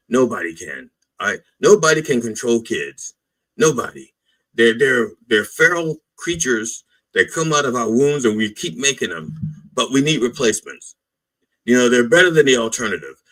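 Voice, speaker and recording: A man riffs as a mock reverend in a rambling comic monologue. His voice is bright and forceful, and his pitch swings widely. He talks bluntly and keeps checking in with "all right?" and "okay?". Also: poor audio.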